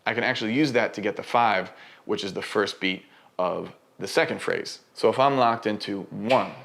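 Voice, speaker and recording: A man's voice: on the low side, normal speed, vocal fry, a bit bright, slight background noise. A man explaining rhythm and counts as a dance instructor, sometimes counting beats and vocalizing patterns aloud.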